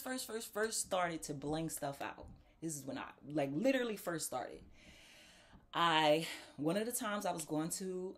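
A woman telling a casual story to viewers, acting out the voices of the people in it. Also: on the low side. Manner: animated, acts out quoted voices; talks straight to viewers as "y'all". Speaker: talk show host.

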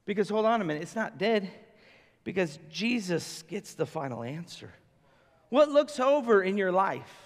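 A man's voice: high voice, very animated, normal speed, big-room sound. A man preaching a sermon as pastor, conversational and emphatic, often acting out how people would react. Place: church sanctuary.

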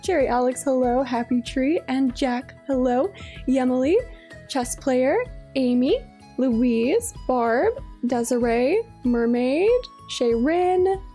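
Bubbly high-voiced woman streamer. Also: lively intonation, takes it slowly, mellow, soft background music. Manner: bubbly, gushing, greets viewers by name. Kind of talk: live game stream chat.

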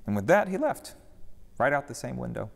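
A man voicing a good-natured rabbi teacher who speaks calmly and matter-of-factly in a reverberant hall. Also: medium pitch, brisk, creaky, voice pushed up. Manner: unruffled, gently matter-of-fact.

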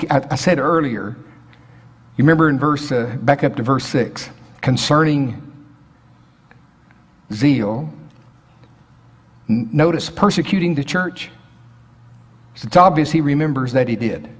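A man's voice: mid-range voice, husky. A man preaching a sermon. He reads scripture aloud and builds to emphatic, rising bursts. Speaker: pastor. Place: prayer center sanctuary. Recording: long hall reverb.

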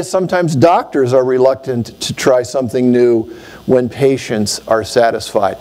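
A middle-aged man, an optometrist, giving an animated conference talk and telling stories to make his points. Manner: animated storyteller, swings pitch for emphasis.

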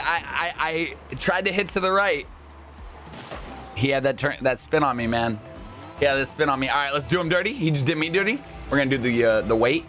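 A man hosting a gaming video, giving live gameplay commentary in an excitable way that jumps from calm chatter to high yelps. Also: a little fast, soft background music.

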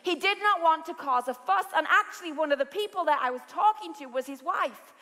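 A British woman preaching a sermon, telling stories with lively energy and rising to shouts. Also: very high voice, fairly quick. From Britain. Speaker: pastor. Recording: large hall with long reverb.

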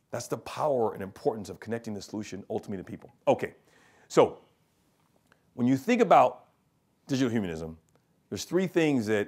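A man's voice: medium pitch, darkish tone. A middle-aged man giving a business presentation to students, telling stories and asking the audience rhetorical questions. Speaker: keynote speaker and consultant.

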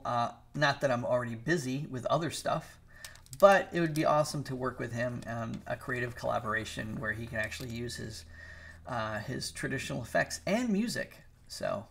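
Speaking with vocal fry in a mid-range, fairly bright voice, a middle-aged animator chats loosely during a live drawing stream. He wanders from topic to topic and greets and teases viewers by name.

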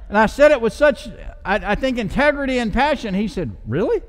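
A man preaching a passionate sermon as pastor, mixing loud swells with conversational asides. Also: extremely high pitch, lively intonation, quick pace, few pauses, in a large hall.

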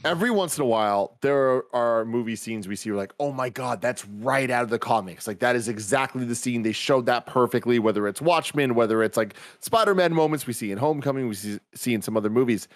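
A man's voice: medium pitch, animated, fast, few pauses, no room sound. Enthusiastic man, dry close sound. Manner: enthusiastic, making a point at length. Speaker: podcast co-host. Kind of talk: casual movie discussion.

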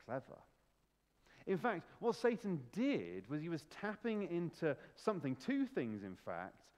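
A man preaching in a church, animated and emphatic, throwing out rhetorical questions. His voice sits fairly high for a man and ranges widely, with a long hall reverb around it. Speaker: pastor. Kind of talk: sermon.

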